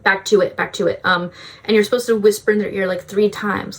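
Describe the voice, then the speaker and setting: A woman's voice: medium pitch, fairly even intonation, normal speed, vocal fry, a little hiss or hum. A young woman vlogging self-help advice in a casual, breezy way, often saying "like". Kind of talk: self-help vlog talk.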